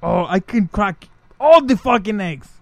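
Man doing gruff action-star impression, brash, cursing, loud, high and jumpy pitch. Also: expressive, measured pace, no room sound, full character voice. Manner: loud, clipped, shouting curses.

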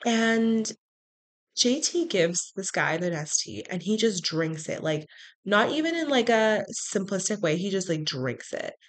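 A woman hosting a podcast, telling a personal story in a frank, animated way with sarcastic asides. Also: medium pitch, measured pace. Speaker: podcast host. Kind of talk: casual storytelling monologue.

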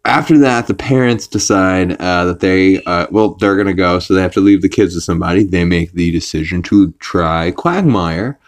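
A low-voiced man chats through a casual recap of a cartoon episode. He rambles, leans on fillers, and slips into quick put-on voices when quoting characters. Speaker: podcast host.

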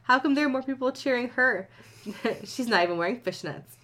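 A woman's voice: on the high side, a little fast, a bit bright. A woman reading a comic fan story aloud, often stopping to joke and swear with a friend. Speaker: fan fiction reader. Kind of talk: casual comedic reading with banter.

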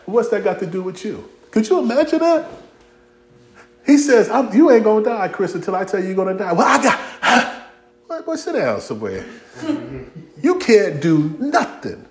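A man preaching a sermon, playful and humorous, acting out voices of biblical figures in vernacular speech. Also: sits high. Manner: animated, humorous preaching with acted-out dialogue; Southern-inflected vernacular, y'all and ain't. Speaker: pastor.

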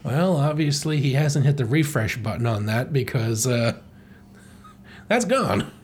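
A man's voice: medium pitch, fairly even intonation, normal speed, darkish tone, a little hiss or hum. A man hosting a podcast, giving a rambling, irreverent comedic recap of a comic and swearing often. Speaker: podcast host.

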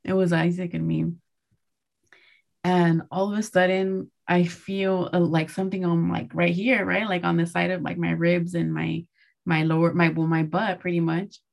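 Young woman co-host, lowish gravelly voice, relaxed and filler-heavy. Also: normal speed. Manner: relaxed, laughing, with many fillers. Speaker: podcast co-host. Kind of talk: casual chat.

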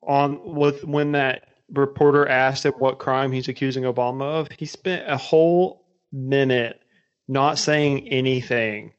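A man chatting about politics on a podcast, animated and profane, often laughing as he talks. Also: medium pitch, measured pace, clear, resonant tone, dull audio. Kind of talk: casual political chat.

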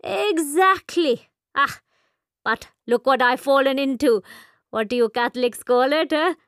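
A woman's voice: high-pitched, unhurried, a bit bright, dry recording, clean studio sound, pitched above the performer's own voice. A woman voicing an elderly, genial shopkeeper who rambles in formal, old-fashioned phrasing, in an audiobook. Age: older. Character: elderly male Indian shopkeeper, wry and talkative. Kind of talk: audiobook character voice.

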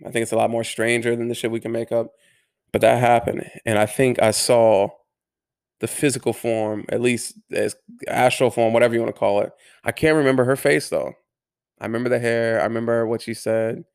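Gravelly man telling a story haltingly. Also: mid-range voice, level tone. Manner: earnest, halting, restarts words, swears. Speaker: vlogger. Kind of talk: casual personal storytelling.

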